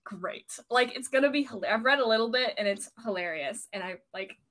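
A woman's voice: fairly high pitch, fairly quick, a bit bright. A young woman co-hosting a casual podcast, rambling and self-deprecating as she explains a word. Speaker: podcast co-host.

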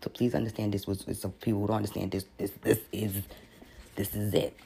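A man's voice: fairly low pitch, little pitch movement, fairly quick, gravelly, mellow, a little hiss or hum. A man teaching on a podcast in a casual, rambling way, often repeating words and reading passages aloud.

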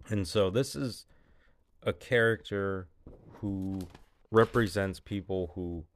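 Man, low voice, rambling, casual vlog, dry room. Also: no echo. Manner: rambling, laughs often. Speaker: filmmaker describing his short films.

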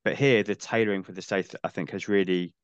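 Low-voiced man, thoughtful and dry. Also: fairly even intonation, fairly quick, smooth, dry recording, lo-fi sound. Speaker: podcast guest. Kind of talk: casual film-review chat.

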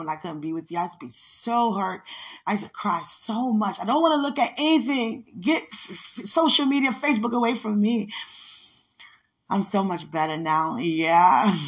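A woman in her late thirties talking in a casual monologue, affectionate and prayerful, often breaking into laughter. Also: deep voice. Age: late 30s. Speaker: podcaster.

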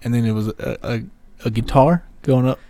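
A young man on a casual podcast chat, answering with dry, deadpan quips. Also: mid-range voice, moderate pace. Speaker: podcast co-host.

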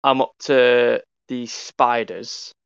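A man's voice: mid-range voice, steady tone, slow, gravelly, clean tone, no echo. A young man telling funny stories in a casual chat with friends, laughing often. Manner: laughing, storytelling, profane banter. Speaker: podcast co-host. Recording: dull, lo-fi sound.

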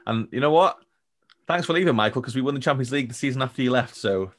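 A man's voice: mid-range voice, fast talker, fairly bright tone. A man co-hosting a casual football podcast, chatty and jokey, laughing often and acting out quotes. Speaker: podcast co-host.

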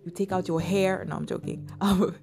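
A young woman telling a story to her viewers in a casual, animated way, acting out her own thoughts. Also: fairly low pitch, normal speed. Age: young adult. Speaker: vlogger. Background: guitar music.

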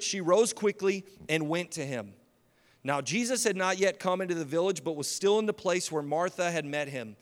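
A man preaching a sermon as pastor, impassioned, swinging from loud declarations to hushed, slow lines. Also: high-pitched. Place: church hall. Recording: long hall reverb.

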